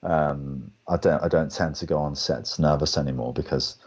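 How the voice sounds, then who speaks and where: English man, deep voice, animated storyteller, dull lo-fi call audio. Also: moderate pace, slightly rough. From England. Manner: animated anecdotes, acts out other people's lines. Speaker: guest actor. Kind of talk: storytelling in a webcast Q&A.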